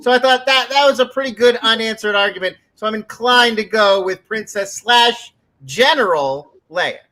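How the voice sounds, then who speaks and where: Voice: medium pitch, moderate pace, pushed and bright, poor audio. A judge on an improv comedy panel, weighing the two sides in a rambling, hesitant way with jokes mixed in. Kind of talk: casual chat.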